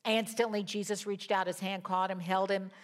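A woman preaching a sermon, retelling a scripture story with animated emphasis and pauses. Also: medium pitch.

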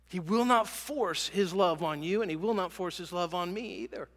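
A middle-aged man preaches a sermon in a conversational, storytelling way, with frequent fillers and restarts. His voice sits high and sounds bright and forward. The sound carries a long reverb from a large hall. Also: normal speed, hardly any pauses. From American South. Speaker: pastor.

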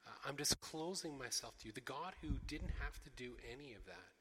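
Male pastor, earnest emphatic sermon, bright tone, reverberant sanctuary. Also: medium pitch, animated, a little fast, a little hiss or hum. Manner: earnest, emphatic preaching with many fillers and repeated phrases.

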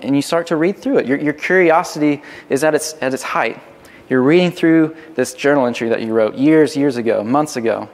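A man's voice: medium pitch, darkish tone. A man preaching a sermon as a pastor, conversational and full of restarts. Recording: long hall reverb.

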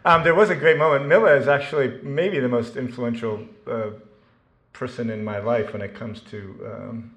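A man's voice: medium pitch, normal speed, fairly bright tone, roomy sound. A man giving a talk before reading from his novel to an audience, self-deprecating and joking, with plenty of ums and restarts. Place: lecture room with an audience.

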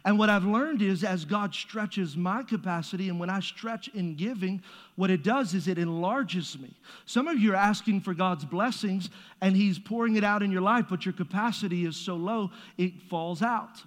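A man's voice: high-pitched, normal speed. A man preaching a sermon as pastor, conversational and joking, with playful asides to the congregation. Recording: long reverb of a large hall.

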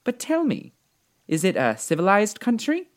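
A man voicing a small, kind old woman who is a good witch, speaking calmly and reassuringly in a storybook reading. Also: high voice, normal speed, pitched above the performer's own voice. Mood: kindly. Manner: calm, gently reassuring.

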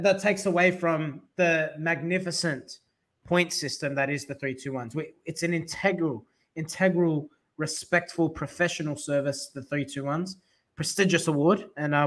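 Male podcast host, fairly high voice, animated and jokey, casual fan chat. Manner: animated, jokey, addresses listeners by name.

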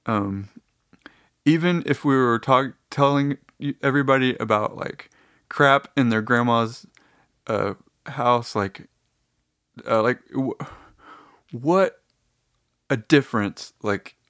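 A man hosting his own podcast, talking off the top of his head with many fillers and restarts, now and then jumping into high, silly voices. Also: slow, long pauses, a bit bright, no room sound, studio quality. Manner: rambling, lots of fillers and restarts; slips into high mock-emotional voices for imagined listeners. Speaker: podcast host. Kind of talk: rambling solo podcast.

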